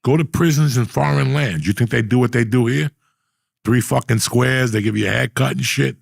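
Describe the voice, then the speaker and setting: In studio quality with no echo, a middle-aged man hosts a casual podcast chat, telling blunt, profane stories in a rambling way. His voice is mid-range, gravelly, and husky, and he keeps a moderate pace.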